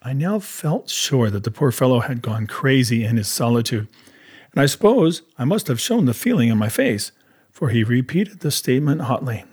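A man with a husky, medium-pitched voice narrates a classic adventure novel in the first person as an audiobook. His storytelling is measured and even.

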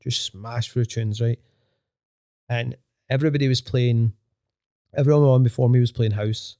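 A young man, a DJ guest, chatting casually in quick, rambling, profane talk full of fillers. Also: mid-range voice, steady tone, mellow, no room sound, clean studio sound. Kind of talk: casual chat.

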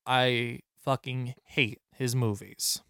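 A man co-hosting a podcast, chatting about a movie in a playful, jokey way with bursts of excitement. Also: mid-range voice, slow pace, gravelly, no echo, studio quality. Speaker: podcast co-host. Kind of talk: casual movie review chat.

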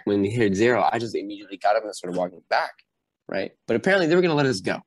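This young man's voice is on the low side and fast, recorded with no echo. A guest on a podcast, he chats casually and tells animated stories, playing the people in them, drill instructors among them.

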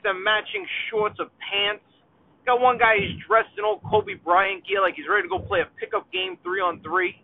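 A man, ranting comically to the viewer while driving in a car, chatty and exasperated. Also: sits high. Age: 30s. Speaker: vlogger. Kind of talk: rambling comedic rant while driving. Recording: tinny phone-like sound, dry.

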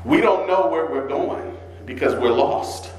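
A male pastor preaching a sermon, swinging between slow low scripture readings and raised, urgent questions. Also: animated, a little mellow, echoey room, rough recording. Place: church.

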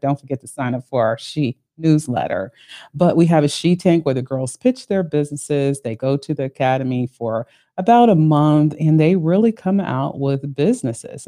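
A woman in her later years hosting her own podcast, telling her life story in an animated way with frequent laughter. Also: deep voice. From Ohio, United States. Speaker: podcast host. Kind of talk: solo podcast monologue.

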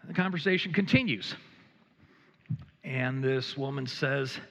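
A middle-aged man preaching a sermon as a pastor, telling a gently humorous story with many hesitations and restarts. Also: mid-range voice, animated, normal speed, vocal fry, long pauses, long reverb tail, highs cut off. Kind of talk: sermon with personal anecdote. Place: church sanctuary.

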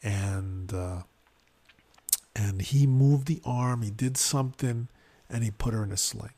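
Podcast co-host, male, gravelly voice, animated storyteller who acts out quotes. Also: a little slow. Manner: animated retelling, acts out quotes with sudden rises in pitch. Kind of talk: casual storytelling chat.

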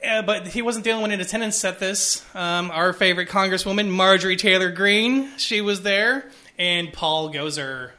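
High, bright-voiced sweary man. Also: brisk, hardly any pauses. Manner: swears freely, excitable, restarts often. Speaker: podcast co-host. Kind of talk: casual chat.

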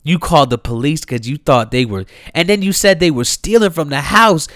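A man's voice: fairly high pitch, fairly quick, few pauses, fairly bright tone, dry recording, studio quality. A man, delivering a heated, incredulous rant, swearing freely and repeating himself. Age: 30s. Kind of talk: impassioned rant to camera.

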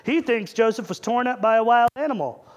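A man's voice: extremely high pitch, brisk. A man preaching a sermon in a conversational way, asking the congregation rhetorical questions.

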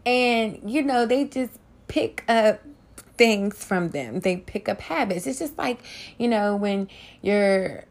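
A woman hosting a casual celebrity gossip commentary, candid and profane, often laughing, with features. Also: medium pitch. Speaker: host.

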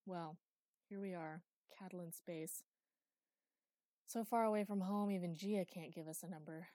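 A woman voicing a sarcastic, sulky young male pilot in an audiobook, pitched up and whiny. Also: normal speed, warm tone, no echo, lightly acted. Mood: snarky.

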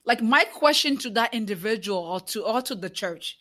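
A woman's voice: a little high, lively intonation, normal speed, sharp tone. Woman, interview guest; fervent, preacher-like cadence, lots of fillers and restarts. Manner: impassioned, preaching cadence, repeats rhetorical questions. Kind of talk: conversational interview.

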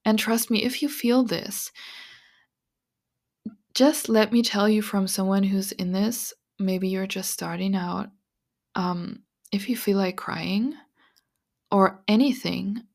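A woman hosting a podcast, talking through spiritual advice in an earnest, confiding way, with many "like"s and soft breathy asides. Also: mid-range voice, fairly even intonation, unhurried. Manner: earnest, confiding, full of "like" and "you know". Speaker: podcast host. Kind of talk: casual spiritual monologue.

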